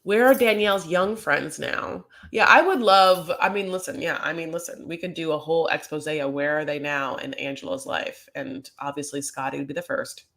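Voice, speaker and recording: Gossipy chatty woman recap host, lowish voice. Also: moderate pace, few pauses, fairly bright tone. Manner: gossipy, rambling, lots of "like" and "you know".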